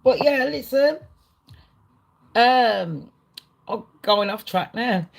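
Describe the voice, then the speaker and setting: A woman hosting a livestream, ranting casually to her chat in an excitable, rambling way, swearing a lot. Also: a little high, extremely slow, vocal fry, poor audio. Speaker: livestream host. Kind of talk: casual rant to a live chat.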